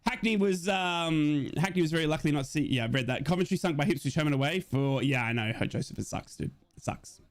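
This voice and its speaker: Young male streamer, slightly high pitch, chatty, addresses chat while calling a match. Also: quick pace, few pauses. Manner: chatty, talks straight to viewers in chat. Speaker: football watch-along streamer. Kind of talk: live match watch-along with chat.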